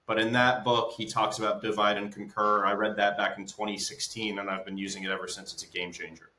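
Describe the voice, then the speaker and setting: A man's voice: fairly low pitch, little pitch movement, fairly quick, pushed and bright. A male business consultant as an interview guest, explaining through stories and checking in with "right?". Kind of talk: conversational interview. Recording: roomy echo.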